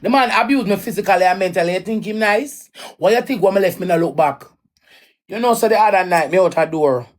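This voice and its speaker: A woman's voice: medium pitch, fast. A Jamaican woman telling an emotional personal story in a raw, emphatic way, often repeating her lines. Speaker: livestreamer.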